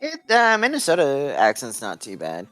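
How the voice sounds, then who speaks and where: A man's voice: medium pitch, wildly swooping pitch, normal speed, a bit bright, no echo, soft background music. A man with a Texan accent co-commentating a game tournament, dropping dry joking asides.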